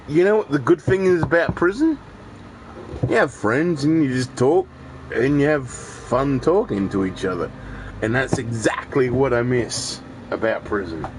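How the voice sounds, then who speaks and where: A gaming streamer with a lowish voice and vocal fry chats casually while he plays a video game. He rambles, swears often, and restarts sentences a lot, heard over slight background noise in poor-quality audio.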